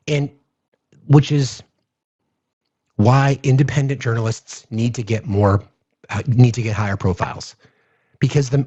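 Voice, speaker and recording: A man's voice: a little high, muffled recording. A man hosting a political livestream, ranting angrily and profanely, often repeating himself as he thanks viewers. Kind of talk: angry political rant on a livestream.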